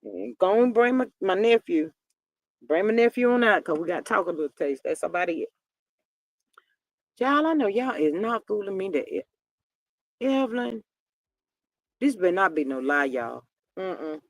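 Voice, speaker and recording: A woman's voice: medium pitch, sing-song, moderate pace, pauses often, no room sound. An older woman hosting a casual celebrity gossip stream, chatty and drawling as she talks to her viewers. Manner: chatty and drawling, acts out quoted people in voices.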